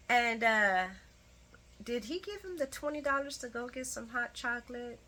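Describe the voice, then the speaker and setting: Chatty lady recapping her show, high bright voice, tons of sass and laughs. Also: moderate pace. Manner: chatty, sassy asides, laughs often. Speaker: soap opera recap vlogger. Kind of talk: casual chat.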